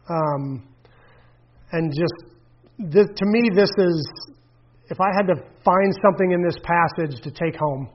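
A man's voice: a little high, dull audio. A man preaching a conversational sermon, searching for words and acting out the voices he quotes. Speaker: pastor. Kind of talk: sermon with audience questions.

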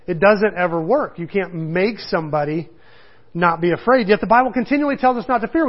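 A middle-aged man teaching a casual Bible study, conversational, chuckling and acting out the quotes he tells. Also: high voice. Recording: dull lo-fi recording.

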